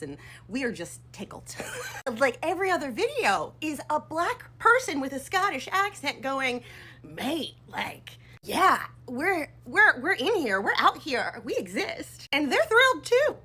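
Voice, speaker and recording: Woman with high, lively, bright voice, amused casual commentary. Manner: bubbly, amused. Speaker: content creator.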